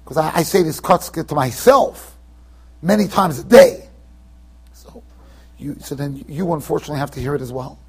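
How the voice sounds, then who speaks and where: A rabbi teaching a Torah class in a yeshiva, animated and emphatic, acting out the people he quotes with sudden loud bursts and quiet asides. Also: on the high side, normal speed, pauses often, husky. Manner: swings between emphatic and quiet, trailing-off asides. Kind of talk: Torah lecture to students. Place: yeshiva study hall.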